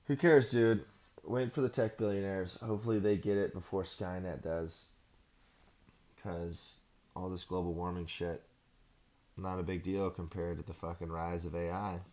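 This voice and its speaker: A man's voice: sits low, unhurried, long pauses, a little mellow. A man hosting a podcast, ranting casually in a profane, sarcastic, rambling way. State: out of breath. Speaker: podcast host.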